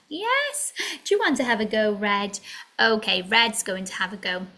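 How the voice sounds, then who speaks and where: A woman's voice: mid-range voice, big pitch swings, normal speed, bright, forceful tone. A woman teaching a children's phonics lesson in a sing-song way, drawing out letter sounds and slipping into whispered asides.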